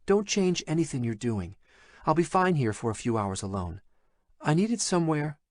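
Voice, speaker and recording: A shy, scared young woman, as a male narrator puts her on, pleading in a soft, hesitant voice. Her voice sits higher and swings widely, and it is recorded close and dry. The delivery is that of an audiobook character. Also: sing-song, moderate pace, dry recording. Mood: anxious pleading.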